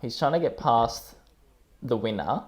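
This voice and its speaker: A man's voice: medium pitch, expressive, measured pace. A man co-hosting a casual chat podcast, chatty and teasing, often laughing. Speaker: podcast co-host.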